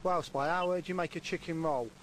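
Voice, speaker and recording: A man's voice: on the high side, fairly even intonation, a little fast, fairly bright tone, a little hiss or hum, poor audio. A man with a Scottish accent telling jokes on a radio phone-in, cheerfully laughing at his own punchlines. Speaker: joke-telling caller.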